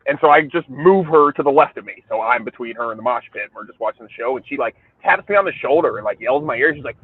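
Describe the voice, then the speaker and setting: Husky man on a phone-like line. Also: mid-range voice, expressive, quick pace. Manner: rambling storyteller, crude jokes, laughs a lot. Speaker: podcast host. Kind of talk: casual chat.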